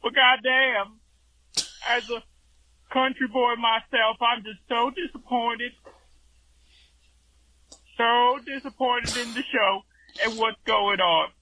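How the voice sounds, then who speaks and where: A man's voice: very high voice, fairly even intonation, slow, long pauses, sharp tone, full character voice. A man phoning in as a put-on country bumpkin with a fake rural Southern drawl, complaining in mock earnest on a voicemail. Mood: mock indignant. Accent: put-on rural Southern US accent. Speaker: caller. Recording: tinny phone line voicemail.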